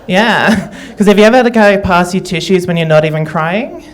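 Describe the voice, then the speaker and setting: A woman with an Australian accent doing a stand-up comedy set, halting and self-deprecating, with frequent restarts. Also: medium pitch.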